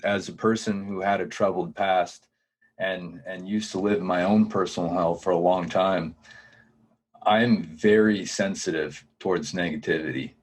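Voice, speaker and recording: Deep husky-voiced man, earnest podcast guest. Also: steady tone, measured pace. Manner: earnest, reflective. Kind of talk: casual conversation.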